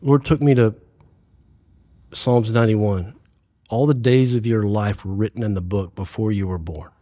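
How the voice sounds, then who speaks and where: A man's voice: lowish voice, fairly even intonation, moderate pace, mellow, no echo, clean studio sound. A man in his sixties giving an earnest faith testimony as a podcast guest, acting out the dialogue he quotes.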